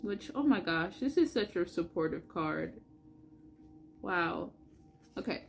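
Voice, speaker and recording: A woman's voice: on the low side, lively intonation, slow, gravelly, long pauses. A young woman vlogging casually, earnest and chatty with many fillers, reading aloud from oracle cards. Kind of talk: casual spiritual vlog with card reading.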